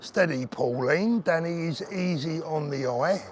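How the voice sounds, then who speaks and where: A man's voice: a little high, a little slow, a little hiss or hum. A middle-aged man hosting a casual live stream while walking outdoors, chatting, joking and reading out viewer comments. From Britain. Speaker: livestream host. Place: outdoors on resort streets, walking. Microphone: phone on a selfie pole.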